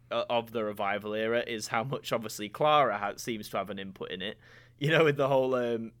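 A man hosting a podcast, chatting casually and enthusiastically with a guest, with animated, mocking asides. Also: medium pitch. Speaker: podcast host. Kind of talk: casual fan discussion.

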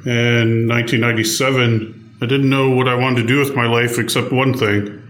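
A man's voice: mid-range voice, little pitch movement, moderate pace, fairly bright tone. Composed man in an echoey room. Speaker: podcast guest, entrepreneur. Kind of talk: interview answers.

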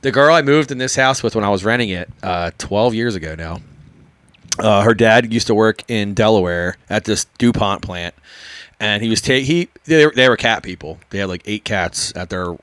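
A man's voice: on the low side, moderate pace, a bit bright, dry recording. A man hosting a casual podcast, telling stories in a laid-back way with lots of fillers and laughs. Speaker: podcast host.

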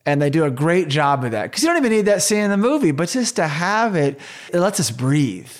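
A man's voice: fairly high pitch, sing-song, fairly quick. A man co-hosting a casual movie podcast, enthusiastic, laughing easily and asking rhetorical questions. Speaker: podcast co-host.

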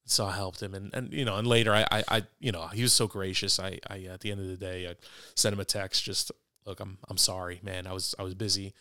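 Gravelly man telling an earnest story. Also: deep voice, level tone, fast, bright, forceful tone, no room sound, clean studio sound. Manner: earnest storytelling with frequent stammered restarts. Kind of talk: casual faith conversation.

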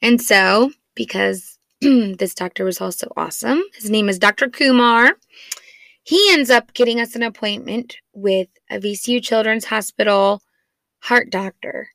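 A woman's voice: medium pitch, unhurried, vocal fry, a bit bright, dry recording. A woman in her thirties, a mother of four, telling a family story in a chatty, rambling, self-deprecating way with lots of "like". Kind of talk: casual storytelling podcast.

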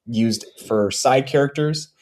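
A man, a comics creator being interviewed, talking casually about his books with many pauses and restarts. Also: medium pitch. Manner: relaxed, many ums and restarts.

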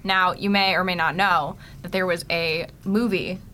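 A woman's voice: fairly low pitch, fairly even intonation, normal speed, pushed and bright, a little hiss or hum. A woman co-hosting a podcast in casual chat, giggly and rambling with many restarts. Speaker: podcast co-host.

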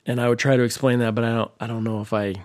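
A man's voice: mid-range voice, level tone, rapid-fire, no echo, clean studio sound. Wry, rambling male podcast host. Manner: wry, sarcastic, meandering with many restarts. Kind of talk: casual rambling monologue.

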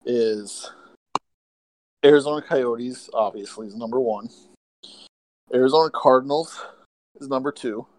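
A young man co-hosting a casual podcast, speaking in a measured way. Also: mid-range voice, rough recording. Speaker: podcast co-host.

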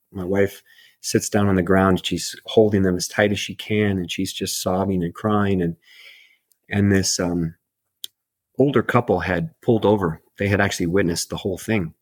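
A middle-aged man telling a personal story on a podcast in an earnest, halting way, often restarting his sentences. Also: low voice, husky, dry recording. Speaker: podcast guest.

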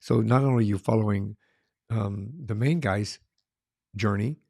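A middle-aged man with a low, gravelly voice co-hosts a casual film review chat. He talks earnestly and keeps restarting his phrases. The sound is dry and close, with no room around it. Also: unhurried, a little mellow, no echo.

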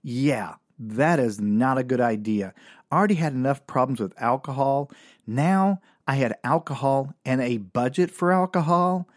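A man's voice: mid-range voice, normal speed, dry recording, clean studio sound. A middle-aged man, hosting a podcast and telling a comic story in a rambling, self-mocking way, chuckling often and swearing casually.

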